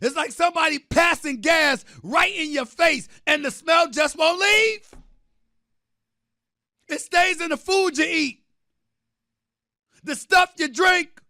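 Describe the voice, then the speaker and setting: A man hosting a sports debate show, delivering a theatrical, emphatic rant, often shouting and repeating phrases for effect. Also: extremely high pitch, no echo, clean studio sound. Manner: drawn-out repetition for effect. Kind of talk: impassioned sports talk rant.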